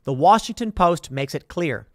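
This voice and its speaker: Male commentator, emphatic and sarcastic, lively delivery in a dry, close recording. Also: fairly high pitch, moderate pace, no room sound. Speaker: political commentator. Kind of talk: reading and reacting to headlines.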